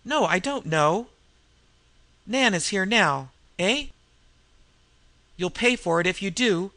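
A man doing a gravelly, snarling old crook. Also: high-pitched, sing-song, slow pace, sharp tone, no echo, voice pushed up, exaggerated voice. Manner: grunting, turning to snarling threats. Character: crafty, wizened, disreputable old male fence.

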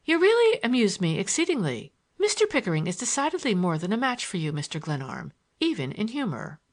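A woman's voice: mid-range voice, very animated, fairly quick. A woman voicing a scornful young woman who mocks with cold disdain in an audiobook.

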